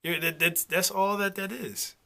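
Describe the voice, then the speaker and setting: A man's voice: high voice, steady tone, moderate pace, vocal fry, bright, forceful tone. A young man co-hosting a couple's vlog in casual chat, teasing and argumentative, often repeating his words.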